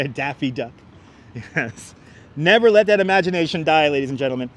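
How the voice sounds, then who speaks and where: A wireless clip-on mic records a livestream host touring an elevated city park walkway outdoors, talking casually to viewers and laughing frequently. His voice sits a little high, animated and fairly bright, at a moderate pace, with a bit of hiss or hum.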